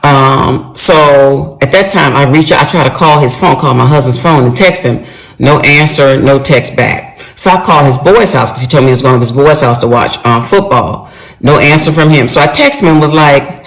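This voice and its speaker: A middle-aged woman recounts a personal story in a casual, animated storytime monologue. Her voice carries a gravelly, fry-heavy texture. She keeps turning to address her listeners directly. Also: sits low, moderate pace, low-quality recording. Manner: animated, talks straight to viewers.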